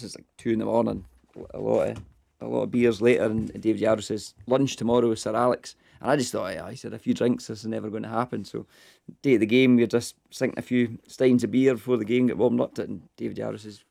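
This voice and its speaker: A man's voice: lowish voice, gravelly, darkish tone, no echo, clean studio sound. A Scottish man who plays in a band, telling anecdotes in a casual chat. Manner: quick rambling anecdotes. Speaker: band musician.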